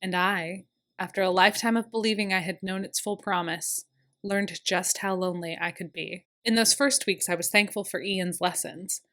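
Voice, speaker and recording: A woman's voice: mid-range voice, fairly even intonation, normal speed, fairly bright tone. A woman narrating a first-person historical romance audiobook in an earnest, emotional way.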